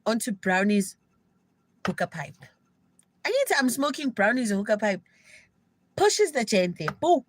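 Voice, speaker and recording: A young South African woman telling an animated, gossipy story to viewers of her live stream in casual slang. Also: a little high, unhurried, pauses often, slight background noise, low-quality recording. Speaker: livestreamer.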